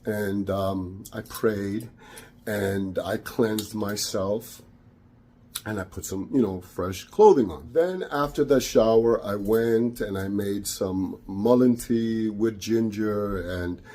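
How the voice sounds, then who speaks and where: A man's voice: lowish voice, slow pace, mellow. A man, a spiritual practitioner telling a personal story, hesitant and repeating words, with Spanish phrases mixed in. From Caribbean.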